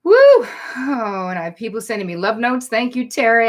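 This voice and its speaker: A woman's voice: on the high side, big pitch swings, moderate pace, few pauses, fairly bright tone. A woman psychotherapist hosting a live online Q&A, talking in a chatty, direct way and reading viewer comments aloud. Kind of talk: live-streamed Q&A, casual and direct.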